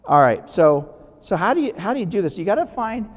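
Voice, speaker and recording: A man's voice: sits high, very animated, fairly quick. A man giving a casual motivational talk to a live audience, often checking in with them and restarting phrases. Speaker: guest speaker. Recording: long hall reverb.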